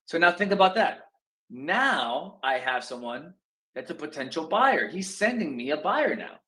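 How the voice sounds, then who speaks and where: A man coaching real estate students in a casual talk, acting out phone calls in quick asides. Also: on the high side, very animated, bright, forceful tone, poor audio.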